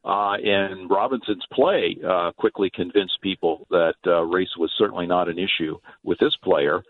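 A man's voice: deep voice, normal speed. A man calling in as a guest, explaining at length with frequent hesitations. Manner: hesitant, many filler sounds. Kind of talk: interview answers. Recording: tinny phone line.

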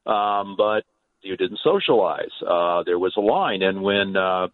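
A man's voice: low-pitched, unhurried. Hesitant man on a tinny phone line. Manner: hesitant, many filler sounds. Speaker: guest. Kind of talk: interview answers.

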